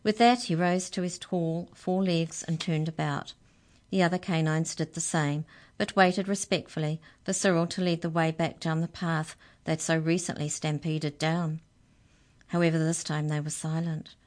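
A woman reading a children's story aloud, with gentle, chatty asides to young listeners. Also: low-pitched, little pitch movement, moderate pace.

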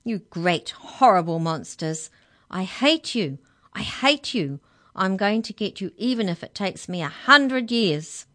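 A woman voicing a small, furious, caged female creature in a storybook, shouting indignantly. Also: medium pitch, animated, measured pace, pitched above the performer's own voice. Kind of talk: storybook reading.

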